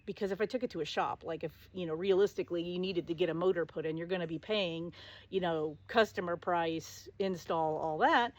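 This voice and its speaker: A woman's voice: on the low side, brisk, lo-fi sound. A middle-aged woman hosting her own show, telling a personal story in a casual, sassy and sarcastic way. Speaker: show host.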